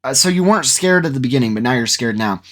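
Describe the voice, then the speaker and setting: A man's voice: mid-range voice, lively intonation, fast talker, fairly bright tone. A man hosting a commentary channel, talking casually and skeptically, rambling with fillers and restarts.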